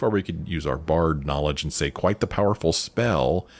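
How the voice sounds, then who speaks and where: A man's voice: low voice, moderate pace. A man hosting a let's play, chatting casually and reading dialogue options aloud. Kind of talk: casual game commentary. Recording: faint game music behind.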